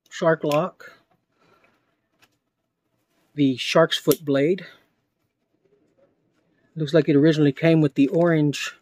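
Casting note: man, slightly high voice, slow unboxing narration, awestruck, dry close sound. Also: no echo. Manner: slow, excited, awestruck exclamations. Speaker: knife collector vlogger.

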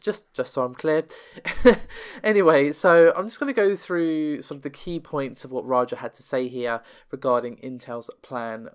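A man delivers tech news on his own, chatty and quick, with a voice still slightly off from a cold. He reads out figures fast, corrects himself as he goes, and his pitch sits in the middle for a man. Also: clean tone. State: under the weather, voice affected. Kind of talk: solo tech news commentary.

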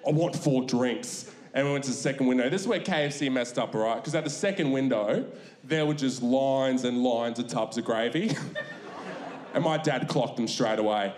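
A man's voice: mid-range voice, brisk, a little mellow, roomy sound. A young Australian man doing a stand-up routine on a comedy club stage, laid-back and swearing as he tells a story.

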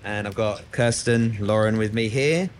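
A man with an Australian accent moderating a conference panel, chatty and jokey, with filler pauses. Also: on the low side, a little hiss or hum. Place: conference room.

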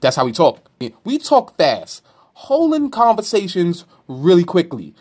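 A stand-up comedian from Brooklyn with a New York accent, ranting brashly with profanity and mocking questions. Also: male voice, high voice, huge pitch swings, a little slow, a little mellow, breathy edge. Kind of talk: comedic rant to camera.

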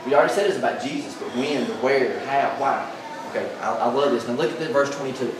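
Exuberant pastor in an echoey hall. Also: male voice, mid-range voice, a little fast, distant mic, background noise. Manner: exuberant, emphatic, builds to shouts. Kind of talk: sermon. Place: large echoey church hall.

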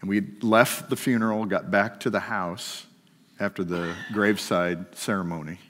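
A middle-aged man telling a personal story during a sermon, shifting between lively and hushed. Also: on the low side, moderate pace, slight background noise. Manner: storytelling, swings from animated to hushed. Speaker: guest speaker. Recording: long hall reverb.

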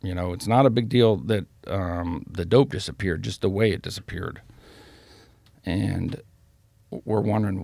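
A man's voice: on the low side, vocal fry, a little mellow, no echo. A man telling street stories as a podcast guest, blunt and full of profanity. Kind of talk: storytelling in a casual interview.

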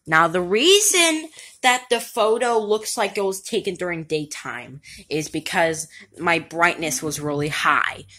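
A woman narrating her own Roblox fan movie, explaining a point slowly and repeating herself as she goes. Her voice is bright, and her pitch swings widely. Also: expressive. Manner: over-explaining, repetitive. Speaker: player narrating a Roblox story. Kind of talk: fan-made game machinima.

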